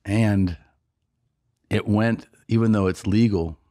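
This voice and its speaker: A man with a very low voice tells a rambling story on a podcast. He acts out what other people said and laughs often. The sound is dry and close to the mic. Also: takes it slowly, dark tone, dry recording. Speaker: podcast co-host and comedian. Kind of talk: casual storytelling chat.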